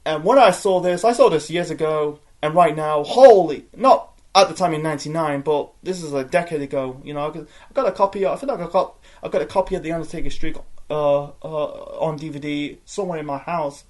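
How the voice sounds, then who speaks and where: A man's voice: on the high side, a little fast, hardly any pauses. A man giving a rambling, profane spoken wrestling review, full of fillers and restarts.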